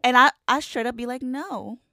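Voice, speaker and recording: A woman's voice: high voice, normal speed. A woman co-hosting a casual podcast, talking bluntly with lots of swearing. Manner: blunt, profane, animated storytelling. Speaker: podcast co-host. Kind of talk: casual chat.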